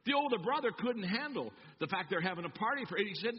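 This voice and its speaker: A pastor preaching a sermon, telling stories and acting them out. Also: male voice, very high voice, fast, few pauses, slightly rough. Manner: animated storytelling, acting out voices. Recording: echoey church hall, dull sound.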